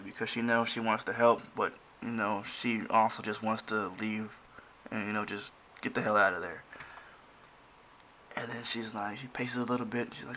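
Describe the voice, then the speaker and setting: A man's voice: lowish voice, steady tone, moderate pace, sharp tone, slight background noise. A man casually walking through pages of his own comic, rambling with many restarts and fillers. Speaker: comic creator.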